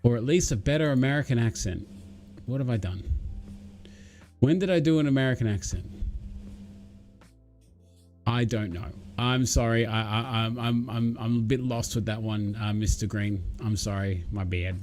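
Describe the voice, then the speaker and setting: A man's voice: lowish voice, normal speed, pauses often, a little mellow, faint music behind. A man with an Australian accent, chatting casually and rambling as he hosts a live stream and greets viewers by name.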